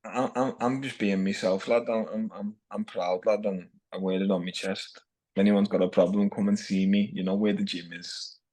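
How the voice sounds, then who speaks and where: Here the same kind of speaker sounds lower and warm: a Scouse fighter from Liverpool, England, chatting on a podcast in an even voice at moderate speed. His manner is blunt and brash, and he can't stop calling people "lad."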